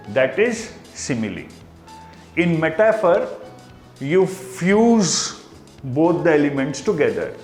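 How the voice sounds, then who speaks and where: A man with an Indian accent teaching a class, explaining slowly and repeating key terms. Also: on the high side, reverberant. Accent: Indian English. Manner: explains slowly with repetition, mixing in Hindi asides. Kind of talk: classroom lecture.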